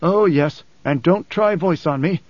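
A man's voice: on the high side, a little slow, no echo, pitched above the performer's own voice. A man doing a curt, grating swordsman. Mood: curt, tense. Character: tense male pilot and swordsman, harsh and curt. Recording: slightly dull dry recording.

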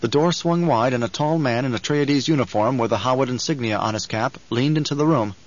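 A man's voice: medium pitch, brisk. Man narrating an audiobook, lo-fi. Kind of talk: scripted narration.

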